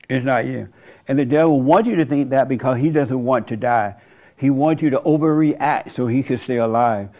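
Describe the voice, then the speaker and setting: A man's voice: medium pitch, a little mellow, lo-fi sound. A man in his seventies giving a folksy, conversational sermon monologue as a church host, often laughing and mocking. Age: 70s.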